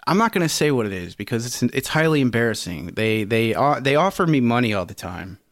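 A man's voice: medium pitch, big pitch swings, fairly quick, no room sound, clean studio sound. A man co-hosting a podcast, telling a rambling, profane story and laughing often. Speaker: podcast co-host. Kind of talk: casual podcast chat.

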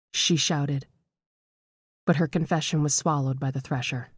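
A woman narrating a horror short story in a measured, dramatic way. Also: sits low, steady tone, breathy edge, no room sound, clean studio sound.

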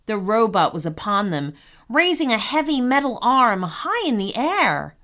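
A woman narrating a children's story in an animated storytelling manner. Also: a little high, measured pace.

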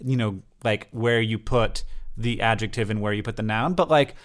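A man co-hosting a podcast in casual chat, explaining points eagerly with lots of fillers and quick asides. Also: fairly low pitch. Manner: animated, explaining with many fillers. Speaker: podcast co-host.

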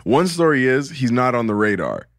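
A man's voice: mid-range voice, sing-song, moderate pace, no room sound, clean studio sound. A young man casually telling a long travel story on a podcast, swearing freely and laughing often. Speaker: podcast co-host.

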